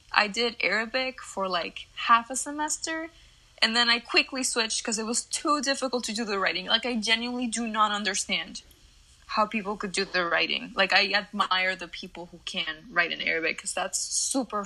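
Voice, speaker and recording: A woman's voice: medium pitch, moderate pace, sharp tone, rough recording. A young woman whose first language is Spanish, co-hosting a casual podcast and explaining things earnestly. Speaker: podcast co-host. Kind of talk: casual chat.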